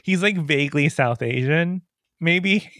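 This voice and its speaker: A man's voice: fairly high pitch, unhurried, fairly bright tone, dry recording. A man co-hosting a podcast, chatting casually and gossiping with frequent giggles. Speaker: podcast co-host. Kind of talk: casual chat.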